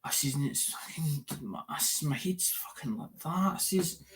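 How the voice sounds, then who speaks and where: A man's voice: fairly high pitch, animated, moderate pace. Rambling, swearing man. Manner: repetitive, swears a lot, loses track of words. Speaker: livestream host. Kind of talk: rambling casual livestream chat.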